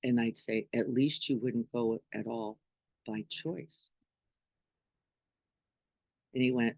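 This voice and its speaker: A middle-aged spiritual teacher talks informally with her group, her voice a rumbling low with vocal fry and a warm tone. She speaks slowly and pauses often, checking in conversationally with "right?", and there's no echo.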